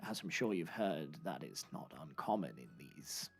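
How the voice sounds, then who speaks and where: A man voicing a very old, hunched male grocer who talks gently and politely, with hesitant pauses that fade to near-whispers. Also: rumbling low, expressive, vocal fry, slightly rough, voice pushed down, full character voice. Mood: sorrowful.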